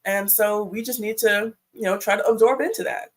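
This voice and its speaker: A woman speaking as a panel guest in casual chat, talkative and lively. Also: medium pitch, moderate pace. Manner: chatty, acts out quotes, laughs.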